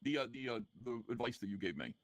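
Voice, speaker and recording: Fast-talking confrontational male podcast host. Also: mid-range voice, big pitch swings, dry recording. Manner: confrontational, halting with fillers. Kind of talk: heated call-in podcast argument.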